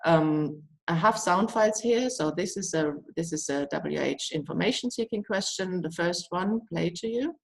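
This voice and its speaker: A woman with a low voice and a gravelly edge gives an academic lecture. She explains patiently and restarts her phrases often. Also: expressive, moderate pace, few pauses, rough recording. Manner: explanatory, many fillers and restarts. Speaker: guest lecturer.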